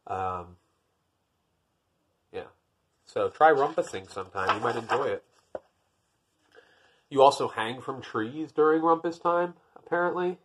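Husky man, mid-pitched voice, reads a picture book aloud, drops in dry self-mocking jokes. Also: a little slow, long pauses. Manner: dry, wry, self-deprecating asides. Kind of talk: storybook reading with joking asides.

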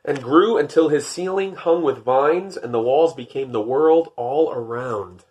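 A man reading a picture book aloud, lifting his voice for the narration and dropping to wry, deadpan jokes in between. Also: a little slow, husky. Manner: wry, deadpan joking asides; rises for narration, drops low for asides. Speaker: podcast host.

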